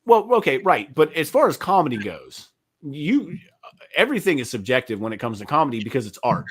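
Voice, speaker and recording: A man's voice: medium pitch, big pitch swings, fairly quick, slightly rough. A man from West Virginia, a stand-up comedian, talking casually on a podcast in a rambling, profane way with lots of fillers.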